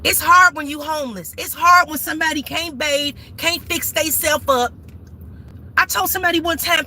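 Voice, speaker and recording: A woman with a high, ringing, sharp voice delivers an impassioned sermon to her viewers from inside a car. She hammers her points with repetition and calls out to the audience as y'all. It is recorded on a phone. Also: normal speed, slight background noise. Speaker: food channel host. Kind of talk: impassioned preaching-style talk to viewers.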